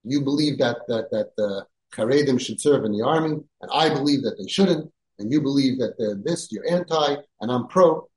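A man hosting a parenting podcast, speaking emphatically and sprinkling in Yiddish and Hebrew words, rising to near-shouting when he scolds. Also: medium pitch, moderate pace, few pauses, echoey room, rough recording. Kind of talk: podcast talk giving advice.

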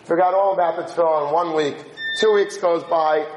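High-voiced man telling a story. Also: moderate pace, echoey room, poor audio. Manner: animated, acts out dialogue with shifting voice and pace. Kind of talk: spoken religious story.

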